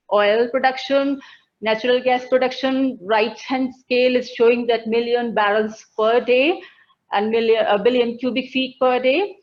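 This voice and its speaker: A woman's voice: a little high, lo-fi sound. Woman scientist explaining her data plots. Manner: methodical, explaining plots step by step with frequent hesitations. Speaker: atmospheric scientist presenting research. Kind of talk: conference presentation. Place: conference hall.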